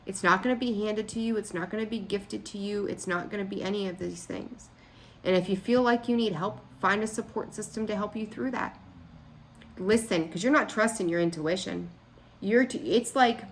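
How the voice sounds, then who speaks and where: A woman's voice: mid-range voice, normal speed, a little hiss or hum. A woman giving a casual tarot reading, blunt and frank, scolding her listeners and rambling with restarts. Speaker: tarot reader.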